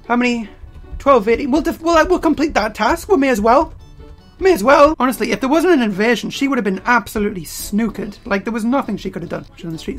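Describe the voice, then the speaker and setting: A man giving casual game commentary while playing, excitable and prone to loud outbursts, his throat getting strained. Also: extremely high pitch, quick pace, faint music behind. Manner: excitable, bursts into loud yelling. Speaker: let's play gamer.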